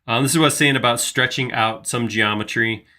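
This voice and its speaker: A man's voice: mid-range voice, steady tone, fairly quick, pushed and bright. A man hosting a live 3D modeling tutorial, casually thinking aloud as he works. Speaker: host modeling in 3D software.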